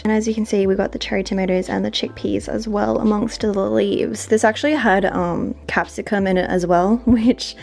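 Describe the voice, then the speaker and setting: A woman's voice: mid-range voice, gravelly, darkish tone. An Australian woman around thirty chatting casually to camera at home in her vlog, full of "like" fillers. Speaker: lifestyle vlogger.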